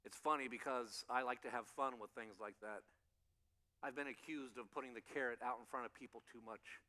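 A man preaching a sermon to a congregation in animated storytelling style, acting out voices and chuckling along the way. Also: medium pitch, a little fast, long reverb tail. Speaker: pastor. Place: church sanctuary.

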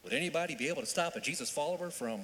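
A male minister preaching a sermon in an animated way, with joking asides and repeated phrases for emphasis. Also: on the high side, rapid-fire. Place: church sanctuary. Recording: long church reverb.

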